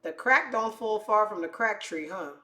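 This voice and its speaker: A woman's voice: mid-range voice, expressive, normal speed, bright, forceful tone. A woman hosting a comedy commentary show, delivering a heated, profane rant with blunt swearing. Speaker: show host. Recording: echoey room.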